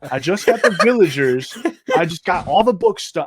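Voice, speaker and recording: A young man guesting on a podcast tells stories in casual chat, cursing frequently and laughing as he goes. His voice sits high and husky at a moderate pace, animated, with no echo in the recording.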